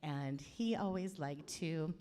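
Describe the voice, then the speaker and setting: A woman's voice: sits low, slow, warm tone. A middle-aged woman, the groom's aunt, giving a playful teasing wedding speech into a handheld microphone. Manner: playful, teasing, laughing often. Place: wedding reception hall.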